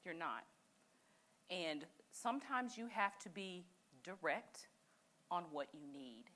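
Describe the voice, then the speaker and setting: Woman, session leader, direct and encouraging, bright voice with lively pitch. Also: slow pace. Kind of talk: leading a church group discussion. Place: church meeting room.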